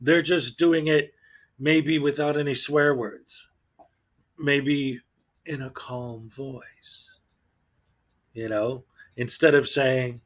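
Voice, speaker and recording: A man hosts his own channel and talks in an exasperated, casual commentary style. He often trips over his words, repeating them and starting sentences over. His voice sits at an ordinary middle pitch. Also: steady tone, slow, long pauses. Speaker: channel host.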